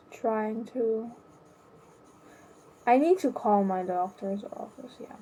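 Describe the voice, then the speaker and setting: A young adult woman talking about her own life in a hesitant, halting way, often restarting her sentences. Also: fairly high pitch, mellow, slight background noise. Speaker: vlogger. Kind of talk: personal confessional monologue.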